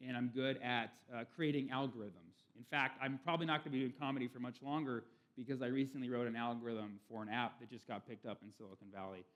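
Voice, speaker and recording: A man's voice: mid-range voice, fairly even intonation, fast, hardly any pauses, muffled recording. A young man doing a stand-up comedy talk on a conference stage, with a punchy, playful delivery full of puns.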